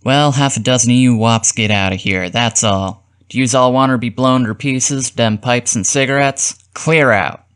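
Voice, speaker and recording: A man doing a gruff street-talking gasman. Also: medium pitch, normal speed, few pauses, a bit bright, close to an everyday voice. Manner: tough, growling street slang. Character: detective posing as a gruff gasman.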